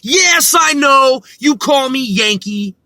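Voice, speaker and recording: A man's voice: very high voice, expressive, slow pace, bright, forceful tone, no room sound. A man delivering a profane, heated political rant, swearing constantly. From United States.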